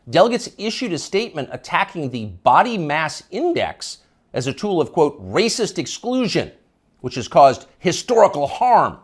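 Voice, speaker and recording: A middle-aged man delivers a cable opinion monologue with heavy sarcasm. His pitch swoops dramatically from low to high as he leans hard on each point. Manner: sarcastic, emphatic. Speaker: commentator.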